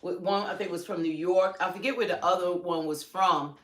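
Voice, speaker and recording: Brief: female livestream commentator, forceful and opinionated, echoey room sound. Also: fairly low pitch, steady tone, fairly quick. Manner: emphatic, fires rhetorical questions. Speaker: livestream co-host. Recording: roomy echo.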